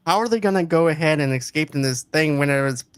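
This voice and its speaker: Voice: medium pitch, quick pace, smooth, no echo. Co-host recounting movie scenes, dry sound. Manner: conversational, recounts scenes with quoted lines. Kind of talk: casual chat.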